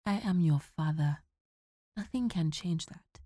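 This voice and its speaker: Calm, reassuring father figure in a storybook, low and soft-spoken, read by a woman. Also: measured pace, dry recording, clean studio sound. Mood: steady. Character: calm, steady African ranger father.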